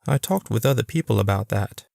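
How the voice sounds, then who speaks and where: A man's voice: on the low side, animated, a little fast, vocal fry, darkish tone, no room sound. A man doing a polite Englishman with an English accent. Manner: polite, dry humor.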